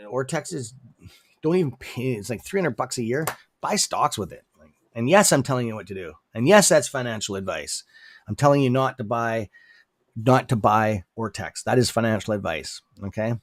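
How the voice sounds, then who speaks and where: A man's voice: medium pitch, no echo, studio quality. A man with an accent hosting a casual livestream about stocks, talking loosely and tagging lines with "okay?". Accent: non-native English accent. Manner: chatty, repeats "okay?", sudden outbursts. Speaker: stock trading streamer. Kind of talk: casual livestream market talk.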